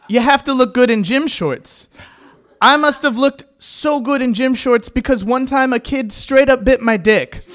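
A man's voice: very high-pitched, moderate pace, fairly bright tone. A young man with a tenor voice telling comic stories on a small stage, with wry, self-mocking delivery. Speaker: storyteller. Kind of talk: comedic live storytelling. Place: small stage venue before an audience.

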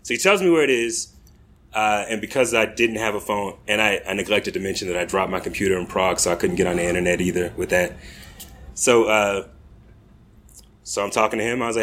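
A man's voice: lowish voice, a little fast, a bit bright, slight background noise. An American man telling a rambling comic story on a comedy club stage, casual and laughing at his own tale. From United States.

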